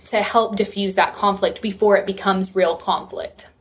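A woman's voice: medium pitch, fairly even intonation, normal speed. Affirming, teacherly woman. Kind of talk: casual chat.

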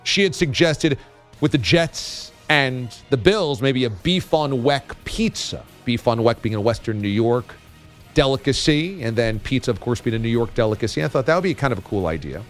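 Animated, playful male radio host. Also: medium pitch, normal speed, soft background music. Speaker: podcast host. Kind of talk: casual radio chat.

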